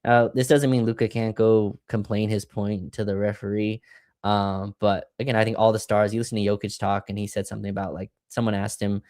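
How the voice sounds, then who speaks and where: A man with a fairly low voice talks through a basketball game as a podcast co-host, casual and analytical. He hedges his opinions and thinks out loud. His voice sounds dry and close, with no room around it. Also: level tone, brisk, dry recording. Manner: analytical, hedging. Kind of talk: casual sports recap chat.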